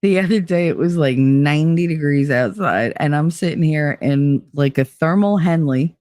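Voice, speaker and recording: A woman's voice: low-pitched, normal speed, no room sound, clean studio sound. A middle-aged woman, sick with a cold, rambling bluntly and profanely to her stream viewers. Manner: blunt, profane, animated storytelling. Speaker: livestream host. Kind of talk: casual rambling chat to viewers.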